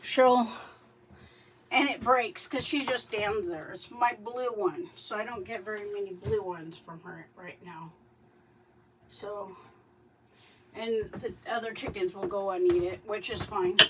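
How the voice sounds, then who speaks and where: A woman's voice: mid-range voice, unhurried, background noise. A woman vlogging outdoors about her backyard chickens, chatting in a rambling way while doing chores and getting out of breath. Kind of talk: casual vlog.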